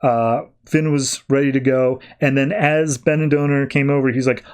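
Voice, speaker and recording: A man's voice: mid-range voice, clear, resonant tone. Man recapping comics casually. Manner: animated, slips into quick character voices while retelling. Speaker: podcast host.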